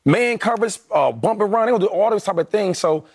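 A man on a sports panel, excitable and rambling, full of "like" and "right?". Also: high voice, fast talker, slightly rough. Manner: excitable, rambling, lots of fillers. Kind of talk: casual sports debate.

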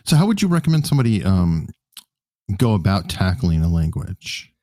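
Male interviewer, low voice with animated pitch, curious questions. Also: normal speed, no echo, studio quality. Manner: curious, asks short questions. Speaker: host.

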